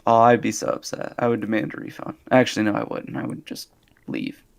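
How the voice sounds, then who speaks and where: A man's voice: on the low side, flat delivery, a little fast, vocal fry. A man co-hosting a casual podcast, joking, laughing often and mimicking people in quotes. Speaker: podcast co-host. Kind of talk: casual chat.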